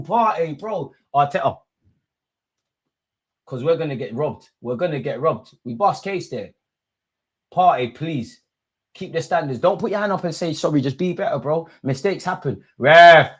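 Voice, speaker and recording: A young man reacts live to a football match, excitable and loud, calling out players and the referee in street slang. His voice swings from bursts of shouting to low grumbling. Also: moderate pace. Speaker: football watch-along host.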